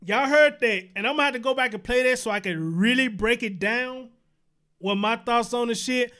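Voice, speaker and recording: A man hosts a casual online commentary show. His voice is very high for a man. He reacts with disbelief and pounds home rhetorical questions in plain, blunt talk. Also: normal speed, bright, forceful tone. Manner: incredulous, laughing through outrage, rhetorical questions. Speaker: show host.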